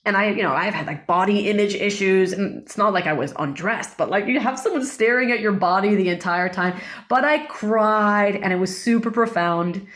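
A woman being interviewed as a guest, telling a personal story in an earnest, animated way. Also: mid-range voice, normal speed, hardly any pauses.

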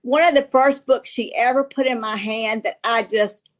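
A woman with a Southern US accent, an author guest telling stories in halting talk with many restarts and laughs. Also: a little high, fairly even intonation. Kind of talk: casual storytelling talk.

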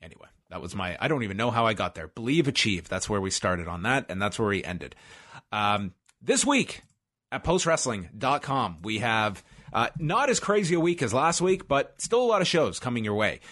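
A man's voice: fairly low pitch, sing-song, normal speed, fairly bright tone. A man co-hosting a podcast, telling rambling, jokey stories in casual chat. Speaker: podcast co-host.

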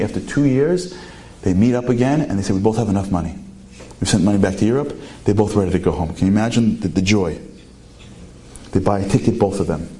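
Animated man preaching through a story. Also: medium pitch, a little hiss or hum. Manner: animated, with many rhetorical questions. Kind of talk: sermon storytelling.

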